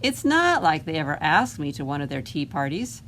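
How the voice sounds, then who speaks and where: A woman's voice: deep voice, sing-song, normal speed, a bit bright, slight background noise, pitched below the performer's own voice, full character voice. A woman reading as a grumpy, jealous goblin. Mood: grumbling. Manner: indignant, sarcastic complaining. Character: grumpy jealous male goblin, self-important. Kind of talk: read-aloud picture book narration.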